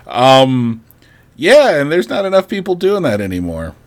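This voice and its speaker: A man's voice: a little high, huge pitch swings, measured pace. A man co-hosting a podcast, chatting casually in a rambling, wry way with many fillers. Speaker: podcast co-host. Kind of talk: casual chat.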